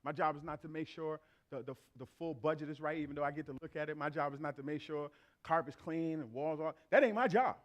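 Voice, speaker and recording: High-pitched middle-aged male pastor, lively storytelling preacher in a church. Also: fast. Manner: animated storyteller acting out family dialogue. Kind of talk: sermon with comic anecdotes. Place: church sanctuary.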